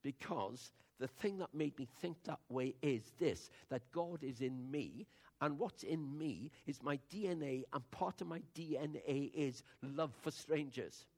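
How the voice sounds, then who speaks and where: Gravelly older preacher. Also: male voice, on the high side, animated, unhurried, few pauses. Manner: conversational, swings between hushed asides and loud emphatic declarations. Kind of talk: storytelling sermon.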